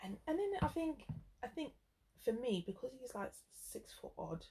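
A woman's voice: fairly high pitch, very animated, normal speed, mellow, slight background noise. A woman tells a frank, exasperated story in casual chat with a friend.

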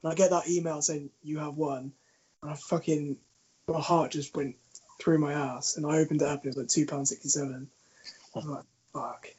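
Sweary guy, husky lo-fi voice. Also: fairly high pitch, brisk. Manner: swears freely, laughs a lot, animated storytelling. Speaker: podcast co-host. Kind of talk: casual chat. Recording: dull lo-fi sound.

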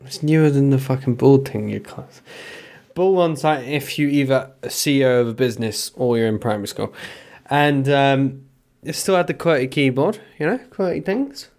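A man's voice: medium pitch, normal speed, a little mellow. A man co-hosting a podcast, rambling and joking in casual banter, swearing freely and speeding up in bursts. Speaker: podcast co-host.

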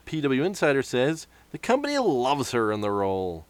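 A man talks casually as a co-host, with a lively, varied pitch. He reads news and drops wry asides, and the sound is dry and close. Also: moderate pace, dry recording. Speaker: podcast co-host. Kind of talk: casual chat.

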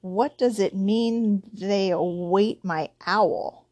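A woman's voice: medium pitch, lively intonation, takes it slowly, breathy edge. A woman reading aloud, voicing an eleven-year-old boy who speaks hesitantly and stammers in confusion. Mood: puzzled.

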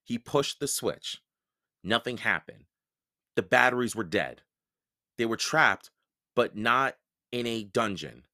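A man reading a children's book aloud for a podcast, expressive and unhurried. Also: medium pitch. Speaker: podcast storyteller.

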